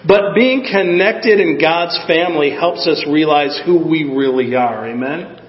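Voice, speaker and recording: A man's voice: a little high, measured pace, hardly any pauses, big-room sound, lo-fi sound. A man preaching a sermon in a conversational way, often asking the congregation "Amen?". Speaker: pastor.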